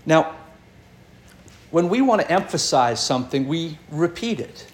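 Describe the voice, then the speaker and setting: A man preaching a sermon, delivering it expressively, his voice swinging up and down with dramatic pauses. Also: fairly high pitch, expressive. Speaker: pastor.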